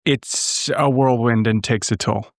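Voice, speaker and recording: A man with a gravelly, creaky voice hosts an interview in a loose, chatty way. The recording is dry and close. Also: mid-range voice, fairly even intonation, measured pace, no echo. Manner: loose, chatty, many "you know"s. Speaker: podcast host. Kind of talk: casual interview chat.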